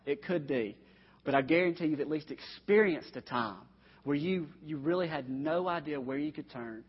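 Husky-voiced male preacher in a hall. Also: fairly high pitch. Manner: earnest, direct appeals to the congregation. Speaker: pastor. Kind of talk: sermon. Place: church sanctuary. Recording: dull, echoey recording in a long-reverb hall.

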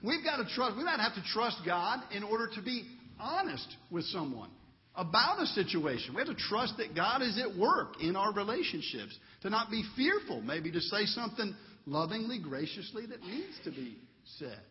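A man in his thirties delivers a sermon in a relaxed, talky way and tells stories about family life. His voice sits high. The recording is dull and muffled, with the long echo of a large church. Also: moderate pace. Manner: conversational preaching with storytelling and a closing prayer. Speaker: pastor.

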